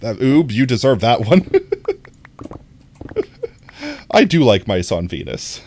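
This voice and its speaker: A man's voice: medium pitch, wildly swooping pitch, takes it slowly, darkish tone, a little hiss or hum. A young American man chatting casually on a live stream, reading chat aloud, rambling and often laughing.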